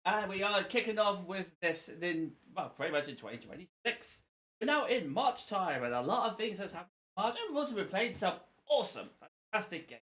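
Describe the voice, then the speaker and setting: A man's voice: sits high, big pitch swings, brisk, sharp tone. A man co-hosting a podcast over a video call, playfully boastful as he introduces the show. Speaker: podcast co-host. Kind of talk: casual chat.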